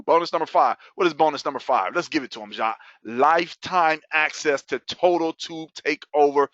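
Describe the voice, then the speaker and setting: A man hosting a webinar and giving an excited sales pitch, whooping and laughing between offers. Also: fast talker, few pauses, dry recording. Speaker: webinar host. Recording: dull lo-fi dry sound.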